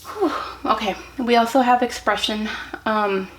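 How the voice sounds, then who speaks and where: Woman tarot reader, mid-pitched and gentle; reassuring viewers with frequent ums and "okay?" tag questions. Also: fairly even intonation, unhurried, rough recording. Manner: gentle and encouraging, many ums and restarts. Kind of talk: pick-a-card tarot reading to camera.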